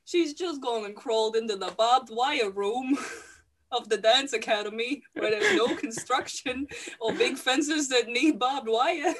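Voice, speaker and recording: A woman casually recapping a film for a podcast, sweary and laughing, slipping into quick character voices. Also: fairly high pitch, noisy background.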